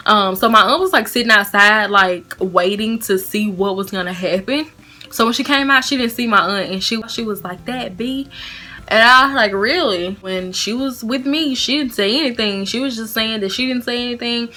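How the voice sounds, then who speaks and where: Young woman vlogger, chatty storyteller, crisp bright tone, soft background music. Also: mid-range voice. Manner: casual, chatty, laughing storyteller. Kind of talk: storytime vlog.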